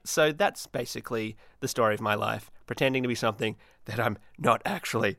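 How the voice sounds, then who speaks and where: A man hosting his own solo podcast, rambling in a manic, self-mocking way with many restarts and dark deadpan jokes. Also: mid-range voice, quick pace, few pauses, no echo, studio quality. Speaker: podcast host.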